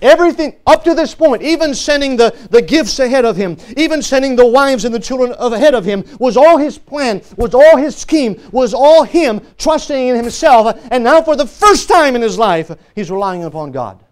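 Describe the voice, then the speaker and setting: A man with a very high-pitched voice delivers a sermon from the pulpit. He preaches emphatically, pressing hard on key words and then dropping suddenly into a hush. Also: animated, normal speed, hardly any pauses, clean tone. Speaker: pastor. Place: church service.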